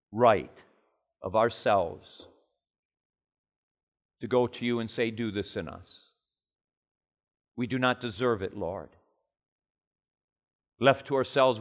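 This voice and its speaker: A man preaching a sermon with passion, climbing loud and high in his stories and then dropping low and quiet into prayer.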